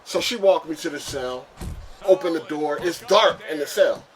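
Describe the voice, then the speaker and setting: Animated, profane young man spinning a story. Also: moderate pace. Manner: animated, profane, street slang, jumps into high-pitched shouts for emphasis. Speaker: vlogger telling a story. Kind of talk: casual storytelling monologue.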